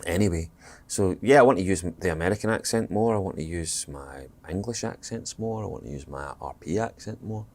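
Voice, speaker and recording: Scottish man, very deep voice, rambling, thoughtful, lots of ums. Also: brisk, hardly any pauses, darkish tone. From Scotland. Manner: thoughtful and rambling, with fillers and restarts. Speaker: actor guest. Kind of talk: casual podcast interview.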